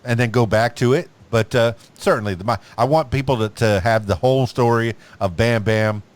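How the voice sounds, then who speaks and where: A man's voice: mid-range voice, brisk, clear, resonant tone. A man hosting a podcast in casual chat, wrapping up with upbeat radio-style patter. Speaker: podcast host.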